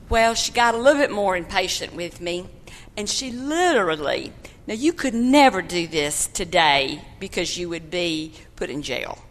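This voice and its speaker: An older woman, earnestly telling a personal testimony to a church congregation in folksy phrases. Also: medium pitch. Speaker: church member giving testimony. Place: church sanctuary. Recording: long hall reverb of a church.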